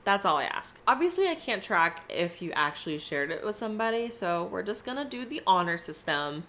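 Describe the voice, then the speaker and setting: A young woman, talking earnestly and warmly to camera in a personal vlog. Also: mid-range voice, sing-song, a little fast. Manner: earnest, heartfelt, upbeat. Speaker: vlogger.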